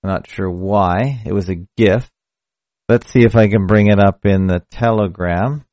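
A man's voice: lowish voice, measured pace, a little mellow, dry recording, muffled recording. A man hosting a casual solo live stream, talking in a rambling, conversational way and often correcting himself mid-sentence. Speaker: podcast host. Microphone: mic through a hardware audio box.

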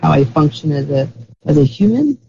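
A woman's voice: deep voice, very animated, moderate pace, gravelly, warm tone. A woman chatting casually on a group call, rambling and searching for words as she talks. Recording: dull lo-fi call audio with faint noise.

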